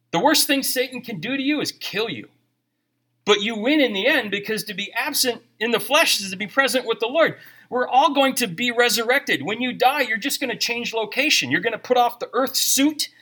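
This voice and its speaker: Middle-aged guy preaching, high voice, super bright and sharp, jokey and chatty. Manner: conversational preaching with jokes and scripture reading. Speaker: pastor. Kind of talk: sermon.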